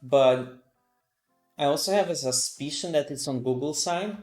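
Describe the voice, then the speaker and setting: A sleepy, yawning man thinks aloud on a casual live-coding stream, reading documentation and reacting with lots of fillers. His voice is a little high and unhurried with a darkish tone, set in a reverberant space with faint music behind.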